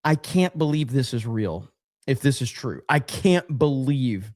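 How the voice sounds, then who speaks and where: A man's voice: medium pitch, animated, a little slow, darkish tone, no echo, clean studio sound. A man hosting a livestream, casually reading viewer comments aloud in a loose, profane, rambling way full of fillers. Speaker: livestream host.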